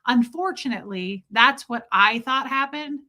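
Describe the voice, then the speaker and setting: A woman's voice: a little high, normal speed, pushed and bright. A woman hosting a livestream, chatting casually and profanely as she tells jokey stories and reacts to chat. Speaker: livestream host reading chat.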